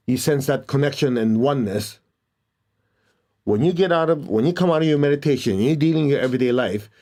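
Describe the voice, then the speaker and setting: A man leads a guided meditation in a calm, unhurried voice. His tone is mellow and dark, and his instructions are gentle and soft-spoken. He sounds like a teacher guiding a group through prayer and stillness. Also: mid-range voice.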